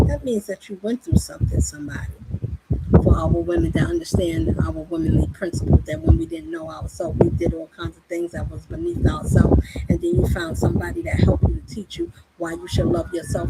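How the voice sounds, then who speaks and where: A woman's voice: very high-pitched, animated, brisk, vocal fry. A woman preaching fervently in a monologue, pressing her listeners with rhetorical questions. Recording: loud background noise.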